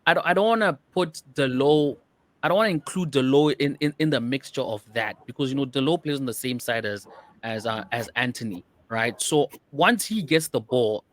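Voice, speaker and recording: Male co-host, medium pitch, chatty and rambling, dry recording. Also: fairly bright tone, no room sound. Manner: rambling, frequent "you know" and restarts. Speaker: podcast co-host. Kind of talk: casual football chat.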